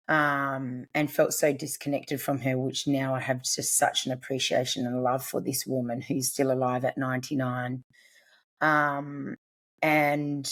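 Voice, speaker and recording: Woman, 40s, low register; earnest, confiding podcast guest. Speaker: podcast guest, family constellations practitioner. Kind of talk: personal storytelling in conversation.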